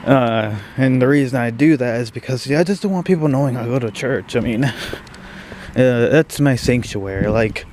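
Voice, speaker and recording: A young man vlogging outdoors in the snow at dawn, talking quietly and hesitantly with many fillers, shivering and breathing heavily. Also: mid-range voice, moderate pace, a little hiss or hum. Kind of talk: casual vlog talk to camera.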